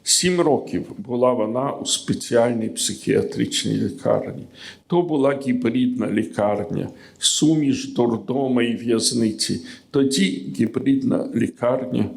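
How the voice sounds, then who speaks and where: Gravelly man reciting poetry solemnly. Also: mid-range voice, a little mellow. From Ukraine. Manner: measured, solemn recitation with pauses. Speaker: poet reading his work. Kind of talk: poetry reading.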